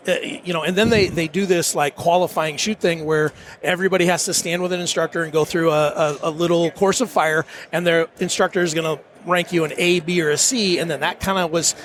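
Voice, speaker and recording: A man's voice: a little high, steady tone, fairly quick, a bit bright, a little hiss or hum. A middle-aged man on a podcast, telling a self-deprecating story with lots of restarts and nervous laughs. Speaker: podcast guest. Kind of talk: casual storytelling.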